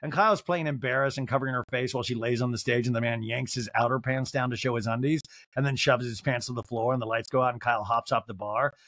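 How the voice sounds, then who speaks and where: A man's voice: medium pitch, fairly even intonation, fast talker, hardly any pauses, a bit bright, no echo, clean studio sound. A man hosting a podcast and giving a campy, mocking comedy recap, often breaking into laughter. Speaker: podcast host.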